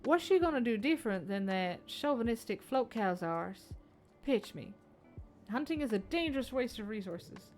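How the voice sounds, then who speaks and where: A woman's voice: on the high side, lively intonation, normal speed, a little mellow, soft background music, close to an everyday voice. A woman doing a brash, drawling young chief surveyor. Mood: musing. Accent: British received pronunciation put on. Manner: drawling, blunt, swearing.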